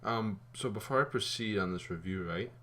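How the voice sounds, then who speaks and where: A man giving a casual spoken movie review, rambling and animated, with fillers and some swearing. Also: on the low side, moderate pace.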